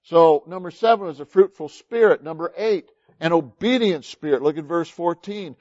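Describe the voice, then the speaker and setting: Male pastor, lively preaching delivery, voice pitched a bit high, dull lo-fi sermon recording. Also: moderate pace. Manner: animated preaching, swinging between loud emphasis and quiet asides.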